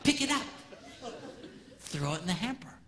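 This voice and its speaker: A man giving a comedic marriage seminar to a live audience, acting out spouses' reactions in an animated, joking way. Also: high-pitched, normal speed, a faint crowd. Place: large hall with live audience. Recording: reverberant hall with audience noise.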